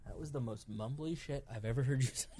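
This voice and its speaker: A man's voice: medium pitch, fast, very noisy. A man hosting a podcast, chatting casually and teasing his co-host before the show. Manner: teasing, animated, laughs often. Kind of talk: casual pre-show banter.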